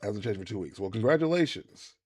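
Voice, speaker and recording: A man, chatting casually to viewers while streaming a game, rambling and animated with many restarts. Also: fairly low pitch, fairly quick, husky. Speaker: gaming streamer. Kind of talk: casual live-stream chat while playing.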